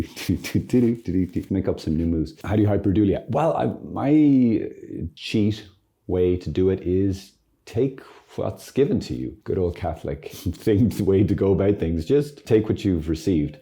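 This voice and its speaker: A male priest gives a casual teaching talk, playful and joking with sudden lively bursts. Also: low voice. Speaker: Catholic priest and friar.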